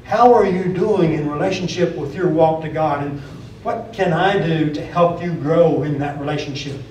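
A man's voice: a little high, moderate pace, a little mellow, a little hiss or hum. A man preaching a sermon in a church, plainspoken, often repeating and restarting phrases. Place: church auditorium. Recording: echoey room from far off.

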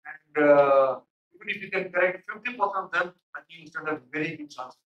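A man's voice: a little high, brisk, recorded from a distance, lo-fi sound. A man giving stern feedback in a mock interview, with many fillers. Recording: echoey room, off mic.

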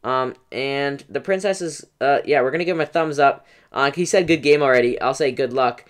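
A young man giving excitable, chatty live commentary over his own gameplay, often addressing viewers directly and filling pauses with "um". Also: medium pitch. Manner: excitable, talks to viewers as "guys", many "um"s. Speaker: gaming YouTuber.

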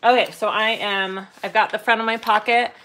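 A woman's voice: medium pitch, steady tone, moderate pace, a bit bright, slight background noise. A middle-aged woman leading a live sewing tutorial. She explains steps as she works, chats casually and hums filler sounds while she sews. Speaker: sewing instructor and shop owner.

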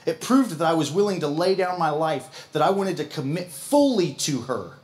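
Folksy Midwestern pastor preaching. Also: male voice, on the high side, lively intonation, moderate pace. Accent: Midwestern American. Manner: folksy, laughs at himself. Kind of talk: sermon.

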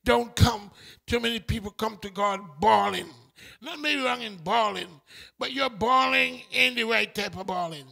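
A man from St preaching a sermon in a church, shifting from quiet talk to impassioned shouting. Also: high-pitched, a little slow, vocal fry.

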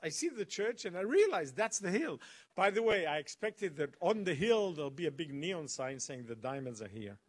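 A man giving a lively storytelling talk as a guest speaker at a college, building suspense with dramatic pauses. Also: on the high side. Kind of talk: animated storytelling lecture. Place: college event.

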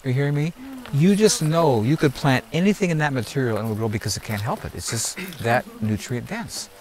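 Outdoors, an emphatic man in a mid-range voice guides a group around a garden in a teaching talk. He's preachy, repeats himself and keeps asking "are you hearing me?". Slight background noise comes through on the rough recording.

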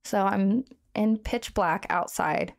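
A woman with a gravelly, fry-edged voice at a middling pitch tells a hard personal story as a podcast guest. Her speech is halting and full of fillers and restarts, and it stays earnest and shaken throughout. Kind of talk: recounting a personal story in conversation.

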